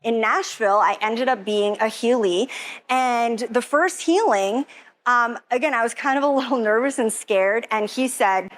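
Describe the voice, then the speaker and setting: A woman with a somewhat high voice tells her own story as an emotional testimonial. She talks in a gushing, breathless rush and fills her sentences with "like.". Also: normal speed, a little hiss or hum. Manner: breathless, gushing, heavy use of "like". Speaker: event attendee giving a testimonial.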